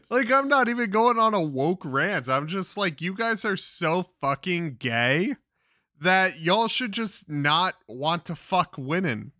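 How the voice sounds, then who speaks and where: A man's voice: high-pitched, very animated, takes it slowly, pushed and bright, dry recording, studio quality. A young man giving crude, exasperated commentary, swearing constantly as he reacts to clips. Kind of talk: profane ranting commentary.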